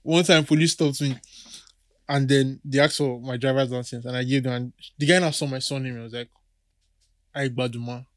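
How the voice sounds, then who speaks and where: A man's voice: medium pitch, steady tone, a little fast, dry recording, clean studio sound. A man from Nigeria with a Nigerian accent, co-hosting a podcast and telling anecdotes with frequent laughs. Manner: laughs often, calls people bro. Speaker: podcast co-host. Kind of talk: casual chat, telling anecdotes.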